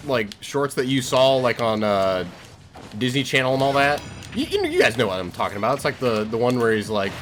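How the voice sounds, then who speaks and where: A young man streaming, rambling through improvised silly stories with many fillers. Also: mid-range voice. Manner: rambling, filler-heavy, animated. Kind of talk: improvised storytelling to chat. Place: home streaming setup.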